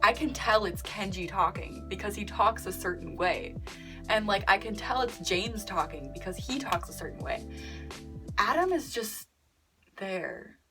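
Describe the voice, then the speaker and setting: A woman's voice: mid-range voice, unhurried, over music. Sarcastic young woman reviewing a book. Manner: animated and sarcastic, mocking quotes in a breathy whisper. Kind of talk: casual book review vlog.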